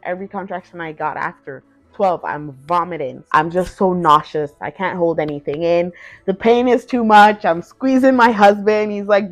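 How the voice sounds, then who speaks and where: Woman vlogging, chatty story full of "like"s, lowish voice, dry dull lo-fi sound, faint music behind. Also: normal speed, no room sound. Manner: chatty, filler-heavy, acts out quoted lines. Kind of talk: casual personal storytelling.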